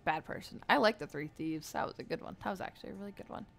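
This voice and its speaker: A woman streamer reading a fantasy story aloud in a steady, low-key way, then chatting playfully while she plays a game. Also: very fast, gravelly.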